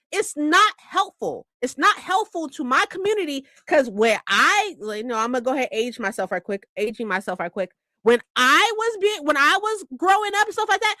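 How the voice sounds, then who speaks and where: A woman vlogger on a heated, swear-filled rant, her high voice leaping up and down with energy. Her tone is bright and cutting. The sound is close and dry, with no room around it. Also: no echo. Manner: heated, profane, animated rant. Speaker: book vlogger. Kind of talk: ranting casual vlog.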